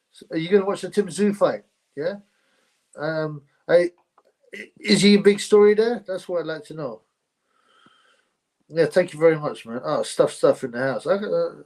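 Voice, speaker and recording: A chatty man hosts a casual livestream, reading viewer comments while laughing often and rambling with restarts. His voice is on the high side with a darkish tone.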